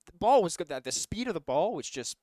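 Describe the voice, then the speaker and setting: Excitable young man calling a college game. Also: high voice, quick pace, no echo, studio quality. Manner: excitable, loose, filler-heavy. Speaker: college esports caster. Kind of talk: play-by-play commentary.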